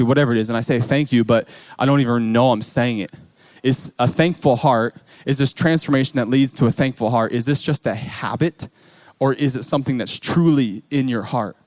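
A man's voice: medium pitch, darkish tone, dry recording. A man preaching a sermon as pastor, earnest and building to fervent emphasis.

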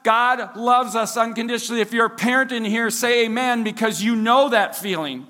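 A man's voice: very high-pitched, normal speed, pushed and bright, in a large hall. A Minnesotan man preaching a sermon as pastor in a casual, chatty way, full of fillers and self-deprecating asides. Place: church service hall.

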